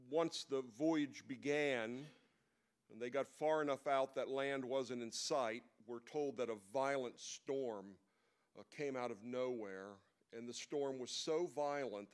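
A man's voice: mid-range voice, clear, resonant tone. A man giving a sermon at a men's breakfast, retelling a story in an easy conversational way with occasional asides.

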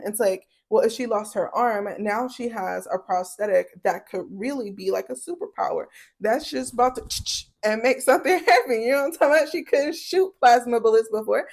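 A woman's voice: mid-range voice, darkish tone. A woman giving a tarot reading to her viewers in a loose, casual way. She preaches bluntly and swears freely, stretching words out for emphasis as she presses each point. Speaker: tarot reader.

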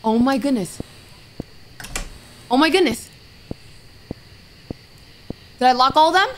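A woman with a high, expressive voice provides let's-play commentary on a horror game at a moderate pace, with slight background noise. This gaming streamer reads the screen text aloud, mumbles item names and lets out startled, frightened cries.

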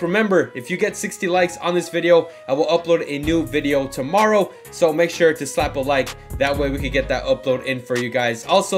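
A young man commenting live on his own football video game match, excitable, with frustrated outbursts and shouts at big moments. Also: on the high side. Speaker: gaming YouTuber.

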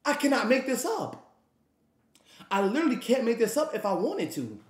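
A man with an extremely high, sing-song voice tells a wild story at normal speed in an animated storytime, rambling and swearing as he acts out what others said. The sound is roomy.

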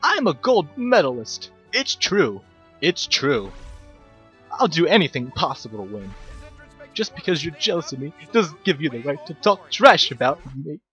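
A man's voice: on the high side, sing-song, moderate pace, a bit bright, faint music behind. A young man doing a smug, touchy champion wrestler. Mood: indignant.

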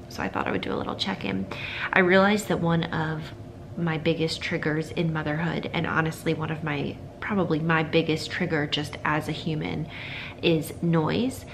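A woman in her thirties, a mother vlogging in a casual chat, sometimes talking softly while her baby naps. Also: low voice, normal speed, gravelly. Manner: soft, hushed talk while the baby naps; chatty, upbeat and animated on the go. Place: car, with a baby in the back seat. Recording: noisy background.

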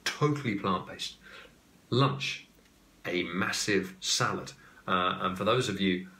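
English male host, chatty and digressive, bright forceful tone, lowish register. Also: slow pace. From England. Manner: chatty, joking asides and digressions. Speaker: podcast host. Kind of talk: casual explainer talk. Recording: echoey room.

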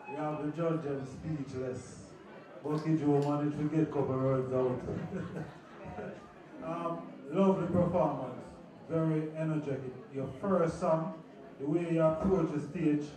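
A man judging a talent show, giving rambling, detailed feedback with many fillers. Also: on the high side. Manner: rambling, many "you know"s. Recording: echoey hall, far from mic, crowd noise.

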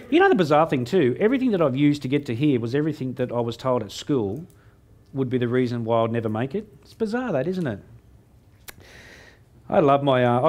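Joking man telling stories on stage. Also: a little high. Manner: joking, self-mocking, quick asides. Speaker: motivational speaker. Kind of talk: humorous keynote storytelling. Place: stage before a live audience.

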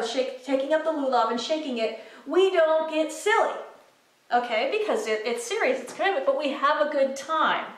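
Chatty woman teaching kids, echoey room. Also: sits high. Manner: chatty and animated, with fillers and asides. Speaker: children's Bible teacher. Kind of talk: informal teaching video for kids. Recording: echoey room, mic far off.

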